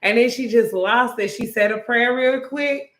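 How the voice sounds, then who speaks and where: A woman's voice: on the high side, moderate pace, fairly bright tone. A woman co-hosting a podcast, telling stories in a casual chat with lots of fillers. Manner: chatty storytelling with many fillers. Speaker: podcast co-host. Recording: roomy echo.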